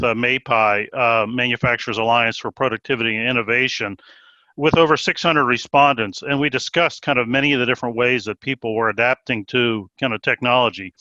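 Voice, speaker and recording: Bright-voiced man in his fifties. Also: medium pitch, no echo. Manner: relaxed, with many "you know" and "kind of" fillers. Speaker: panel guest, industry executive. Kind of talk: panel discussion answer. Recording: dull, lo-fi remote audio.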